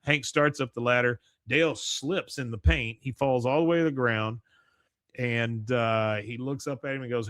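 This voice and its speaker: A man's voice: medium pitch, moderate pace, dry recording, studio quality. A man hosting a podcast, casually retelling a cartoon episode and voicing the characters' lines as he goes. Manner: retells scenes with animated voices for characters. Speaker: podcast host.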